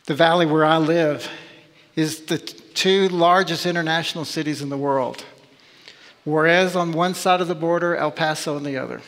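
A man's voice: a little high, steady tone, normal speed, fairly bright tone. A man preaching a sermon as pastor, emphatic and full of rhetorical questions. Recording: long reverb of a large hall.

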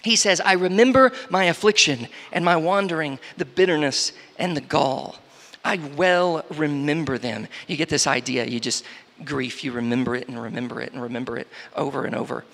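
A man preaching a sermon, reading scripture slowly and then explaining it with rising emphasis and frequent restarts. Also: fairly high pitch, creaky, fairly bright tone. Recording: long hall reverb.

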